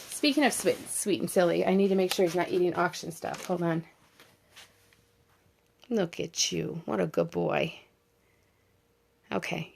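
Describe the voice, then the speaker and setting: A woman's voice: medium pitch, creaky. A middle-aged woman, chatting and rambling as she tells a story on a livestream, talking to viewers and her dog. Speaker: vlogger.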